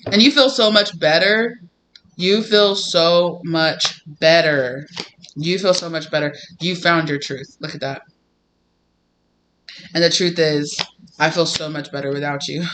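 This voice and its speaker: Bright, animated male tarot reader. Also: on the high side, normal speed. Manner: animated and emphatic, often laughing. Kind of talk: casual tarot reading to camera.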